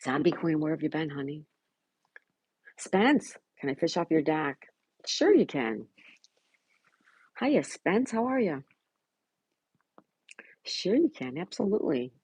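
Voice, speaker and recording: A woman's voice: low-pitched, very animated, moderate pace, a little mellow, breathy edge, dry recording, rough recording. A middle-aged woman hosting a casual live stream from home, reading viewers' comments and greeting them by name with affectionate chatter. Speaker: livestream host reading chat.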